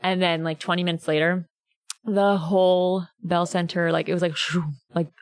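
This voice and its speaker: A woman's voice: lowish voice, flat delivery, moderate pace, clear, resonant tone, no room sound. A woman in her twenties, a singer on a podcast, chatting casually and animatedly, acting out the people in her stories. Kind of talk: casual interview storytelling.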